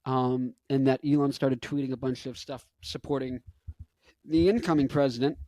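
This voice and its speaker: A man's voice: medium pitch, fairly even intonation, normal speed, mellow, no echo. A man in his twenties giving a casual commentary monologue, rambling and interrupting himself with joking asides. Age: 20s. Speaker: vlogger.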